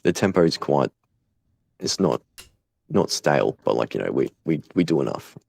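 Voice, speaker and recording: A young Australian man speaking bluntly in an interview, swearing freely and pausing often with fillers. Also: extremely low pitch, sing-song, gravelly, a little mellow, breathy edge, dry recording. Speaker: guest, volunteer fighter. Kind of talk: casual conversational interview.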